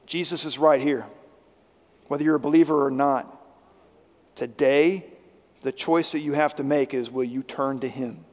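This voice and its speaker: A man preaching a sermon as pastor, swinging between loud emphatic lines and hushed, intense ones. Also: mid-range voice, fairly even intonation, moderate pace, long pauses, long reverb tail.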